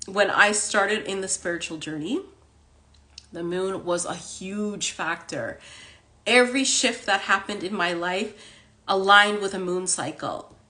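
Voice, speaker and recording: A woman speaks forcefully in a bright, medium-pitched voice while hosting a casual spiritual livestream into a phone. Her chatty talk is full of "like" and "okay?".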